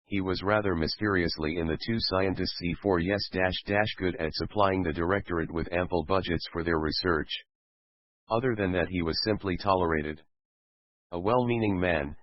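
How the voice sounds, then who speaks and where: A man with a very low voice reads a fan fiction story aloud at a steady pace. The recording is dull and lo-fi, and dry, with no room sound. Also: normal speed, no room sound. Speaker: narrator.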